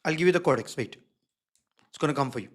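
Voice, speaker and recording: Speaking quickly with a fairly high, husky voice, a male design instructor leads a live online workshop with plenty of animation. He hammers key words, repeats them, and keeps pausing to check in with the audience.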